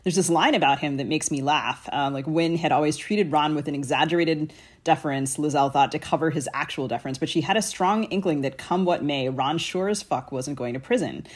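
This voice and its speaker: A podcast host talks fast and chattily, peppering the question with filler words. The voice is husky and breathy. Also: mid-range voice. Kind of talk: interview question, casual.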